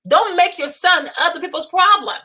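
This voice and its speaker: Young woman host, high bright voice, blunt scolding rants, mocks people she quotes. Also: normal speed. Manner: mocking put-on voices for quotes. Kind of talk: unscripted opinion livestream.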